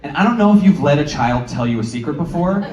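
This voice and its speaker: A man in his thirties doing a stand-up comedy set, sarcastic with deadpan asides and sudden acted-out voices. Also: on the high side, quick pace, highs cut off. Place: comedy club stage, from far off. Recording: roomy club sound, distant mic, crowd laughter.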